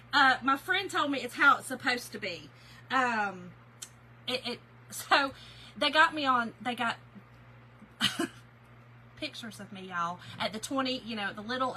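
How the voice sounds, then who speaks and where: A woman with a high, very bright voice chats casually with her viewers, calls them by name and laughs often. She sells craft products in a loose, rambling way, and a faint noise runs behind her. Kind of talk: casual live chat.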